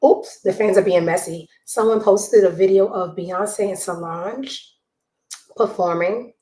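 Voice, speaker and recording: A woman hosting a gossip show from home on a desk mic, blunt and judgmental, swinging between loud outbursts and hushed asides. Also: medium pitch, unhurried, echoey room, poor audio. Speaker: show host. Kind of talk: casual gossip commentary. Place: home room with a child nearby.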